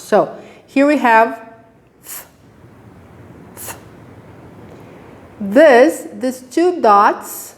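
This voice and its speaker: A woman teaching English pronunciation, modelling each sound slowly and asking the listener to repeat after her, laughing now and then. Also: on the high side, a little mellow. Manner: drawn-out sounds, laughs often, asks you to repeat. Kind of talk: slow, careful pronunciation lesson.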